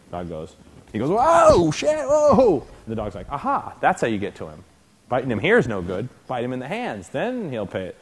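A man's voice: deep voice, darkish tone. A man teaching a clinic for dog trainers, talking conversationally, often checking in with the class and acting out scenes. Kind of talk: informal lecture to trainees.

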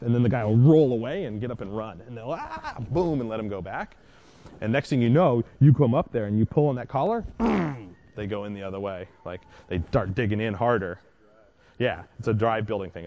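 A man's voice: on the low side, darkish tone, lo-fi sound. A man dog trainer explaining a technique in a casual, conversational teaching style, often checking in with the listener.

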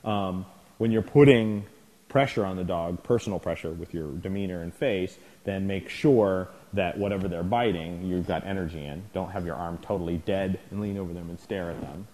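A man teaches dog trainers in a low, warm voice at a normal speed. His informal lecture feels conversational, and he often checks in with the class and acts out scenes.

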